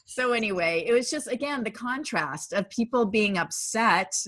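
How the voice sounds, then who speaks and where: A woman co-hosting a casual chat, telling a story in an animated way and quoting what people said. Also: on the high side, normal speed, dry recording. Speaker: co-host.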